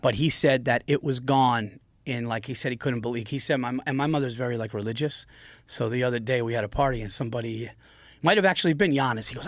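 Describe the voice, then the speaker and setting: A man in his forties telling a story in an animated, profane way on a podcast, often slipping into an impression of his father. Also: medium pitch, quick pace, no room sound. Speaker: guest. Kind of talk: casual storytelling. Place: podcast studio. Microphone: studio mic.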